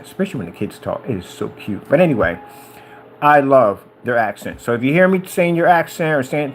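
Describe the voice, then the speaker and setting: A man talking casually and excitedly about projectors, rambling and wandering off topic. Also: medium pitch, a little hiss or hum. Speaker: business owner reviewing projectors.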